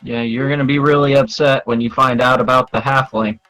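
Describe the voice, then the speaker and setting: A man's voice: medium pitch, fairly even intonation, fairly quick, a bit bright, poor audio. A man playing a tabletop game, rambling through apologetic in-character lines. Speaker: player. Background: background music.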